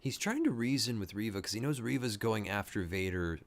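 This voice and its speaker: Excitable man reacting out loud. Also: fairly low pitch, fairly quick. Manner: excitable, thinking aloud, gushing. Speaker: reaction video host. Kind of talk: casual reaction commentary.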